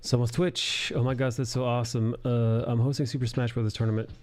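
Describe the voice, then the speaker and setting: A man's voice: mid-range voice, flat delivery, fairly quick, darkish tone. A man hosting a live drawing stream, chatting casually and rambling with many fillers. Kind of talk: casual chat while drawing.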